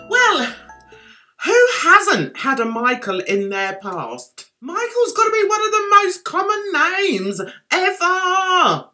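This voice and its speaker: A woman's voice: very high voice, big pitch swings, slow pace, sharp tone, faint music behind. Chatty sarcastic British woman vlogger. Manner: sarcastic, chatty, laughing asides. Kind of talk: gossipy commentary vlog.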